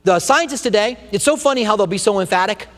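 A man in his fifties preaching a sermon, folksy and animated, with homey stories, humor and slow, stressed phrases. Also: sits high, in a large hall. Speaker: pastor.

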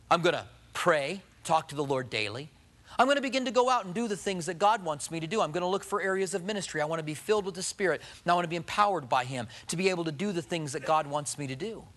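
A male pastor preaching a sermon earnestly, swinging from emphatic lines to hushed, softer ones. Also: on the high side.

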